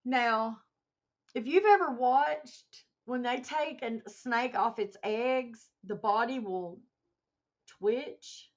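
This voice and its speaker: A woman hosts a casual livestream, animatedly telling a story and reading out chat comments along the way. Her voice is fairly high and slow, and the stream audio is muffled and lo-fi.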